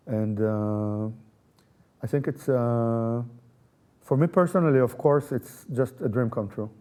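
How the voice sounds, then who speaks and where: A man's voice: mid-range voice, dark tone. A man, a festival artistic director and pianist, answering interview questions thoughtfully, with frequent fillers and repeated words.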